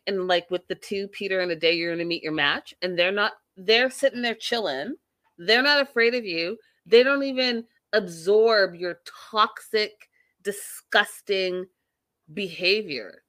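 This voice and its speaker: A woman's voice: mid-range voice, sharp tone, dry recording. A woman recapping a reality show in a casual vlog, blunt and opinionated, swearing freely.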